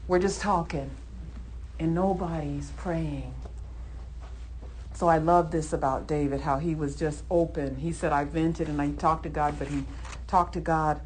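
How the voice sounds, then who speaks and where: A woman preacher giving a Sunday sermon, emphatic, acting out heated prayers and then settling into calm teaching. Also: deep voice, a little hiss or hum. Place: church service.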